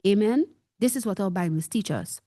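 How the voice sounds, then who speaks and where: A woman's voice: medium pitch, expressive, normal speed, warm tone, no echo, studio quality. A woman preaching, reading scripture aloud and explaining it with emphasis, often checking that listeners follow. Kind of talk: Bible teaching sermon.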